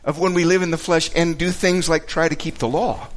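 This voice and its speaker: Man, Bible teacher, earnest, stumbling over repeated words, slightly higher voice. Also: steady tone, fairly quick.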